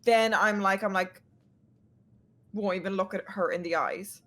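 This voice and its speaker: A young woman from Ireland with an Irish accent, telling stories in a casual group chat, animated and full of swearing. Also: mid-range voice, measured pace. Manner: animated, profane storytelling.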